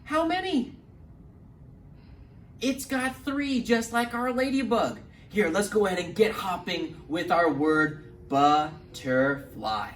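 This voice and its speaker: A man leading a children's storytime lesson as a librarian, encouraging and animated, talking slowly and clearly for little ones. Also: high-pitched. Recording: roomy, distant mic, faint hum.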